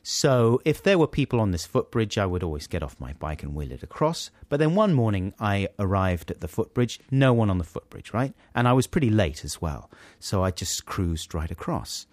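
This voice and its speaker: Guy on the radio, really lively story telling, dry studio sound, kinda exasperated. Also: fairly low pitch, moderate pace, hardly any pauses, no room sound. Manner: animated storyteller, exasperated, self-deprecating. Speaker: radio host. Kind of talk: casual anecdote on radio.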